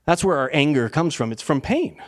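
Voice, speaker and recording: A man's voice: a little high, very animated, fairly quick. A man preaching a sermon as pastor, talking in a casual storytelling way with plenty of fillers.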